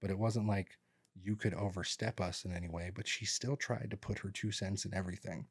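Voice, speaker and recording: A man co-hosting a podcast talks fairly quickly in a fairly low, steady, slightly rough voice, with no echo in the studio. His casual chat turns into rambling stories where he acts out what relatives said.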